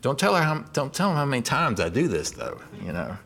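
Speaking a little fast with vocal fry in a mid-range voice, a middle-aged pastor preaches expressively. He reads out scripture, takes on God's lines, and asks the congregation questions.

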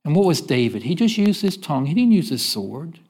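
A man preaches in church in a plainly folksy, conversational way, stopping often to let the congregation call out the missing word. His voice sits high and swoops up and down with plenty of life. He repeats himself casually as he works through the point. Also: sing-song, fairly quick, a little mellow, slightly rough. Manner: asks the congregation fill-in-the-blank questions. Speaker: pastor. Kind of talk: sermon.

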